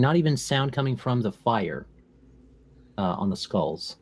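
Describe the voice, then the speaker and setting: A man as game master, narrating a tabletop game and slowing down to describe each scene in detail. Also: medium pitch, sing-song, a little mellow, husky.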